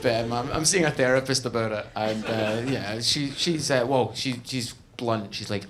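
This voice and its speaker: A Scottish man doing stand-up comedy, telling self-deprecating stories with animated delivery. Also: mid-range voice, moderate pace, hardly any pauses, a crowd in the background. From Scotland.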